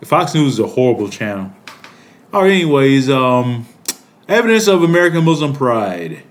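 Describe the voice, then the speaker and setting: A man's voice: medium pitch, very animated, normal speed. A man in his thirties giving heated political commentary, profane, rambling and indignant. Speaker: political commentary channel host.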